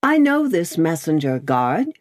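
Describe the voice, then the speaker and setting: A woman voicing a mild-mannered, nervous gentleman passenger whose speech quavers, in an audiobook. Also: sits low, very animated, unhurried, no room sound, studio quality. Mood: anxious. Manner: mild and tremulous. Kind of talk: audiobook character voice.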